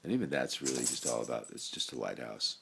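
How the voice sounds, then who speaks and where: A man's voice: rumbling low, animated, fast, creaky, slight background noise. A middle-aged man with a brain tumor, rambling through his thoughts in a free-associating personal monologue, full of laid-back slang. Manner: rambling, free-associating, swings between loud and soft.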